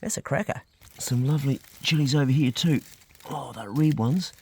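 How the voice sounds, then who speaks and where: A man's voice: medium pitch, moderate pace, dark tone, husky. A man with a New Zealand accent, chatting upbeat about his homestead garden outdoors as he films a vlog. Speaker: homesteader vlogger. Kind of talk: casual vlog narration.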